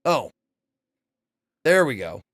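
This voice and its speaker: A man playing through a game and chatting casually, reading lines aloud, swearing often and yelling when annoyed. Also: medium pitch, slow, no room sound, studio quality. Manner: animated, swears often, yells in frustration. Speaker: let's play streamer.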